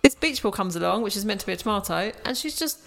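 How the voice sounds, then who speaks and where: A woman's voice: medium pitch, animated, fast talker, creaky, fairly bright tone. A woman co-hosting a podcast, chatting casually about a film, with frequent ums and laughter. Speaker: podcast co-host. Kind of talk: casual movie review chat.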